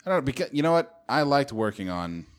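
A man's voice: mid-range voice, very animated, fast, smooth. A man chatting casually as a podcast co-host, laid-back, jokey and profane. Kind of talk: casual banter.

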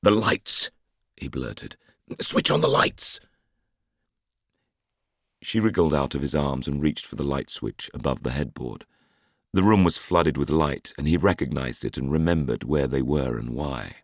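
A man narrating a thriller audiobook in a measured, dramatic way. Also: extremely low pitch, a little mellow, no echo, studio quality. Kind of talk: scripted narration.

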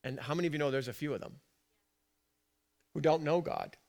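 Emphatic preacher with a higher voice. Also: male voice, fairly quick, gravelly. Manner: conversational, asks the congregation questions, swings between soft and emphatic. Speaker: pastor. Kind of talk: sermon. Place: church.

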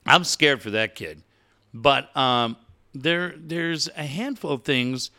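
A middle-aged man co-hosting a radio talk show, telling animated stories and swearing casually. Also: medium pitch, takes it slowly, creaky. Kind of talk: casual chat.

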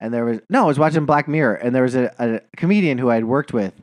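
A man's voice: medium pitch, fast talker, no echo, studio quality. A man co-hosting a podcast in casual chat, joking and trailing off mid-thought. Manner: joking, animated, trailing off and restarting. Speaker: podcast co-host.

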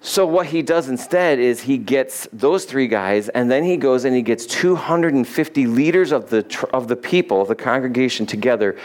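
A man's voice: medium pitch, animated, moderate pace, few pauses, darkish tone. A male pastor giving a sermon, retelling Bible stories in a casual, conversational way and acting out the characters.

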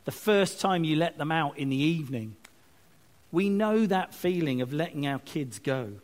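A man giving a lively, chatty sermon with asides and self-mocking jokes. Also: on the high side, moderate pace. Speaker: preacher. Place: church service, streamed online.

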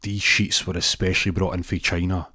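A man's voice: sits low, flat delivery, fairly quick, sharp tone, slightly rough, no room sound, studio quality, full character voice. A man with a Scottish accent voicing a flustered, wealthy pig owner who pleads and rambles. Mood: pleading.

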